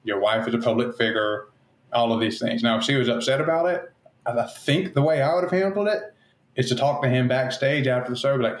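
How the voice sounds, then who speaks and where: A man in his thirties giving measured, thoughtful opinions in a casual podcast discussion. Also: mid-range voice. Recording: roomy echo.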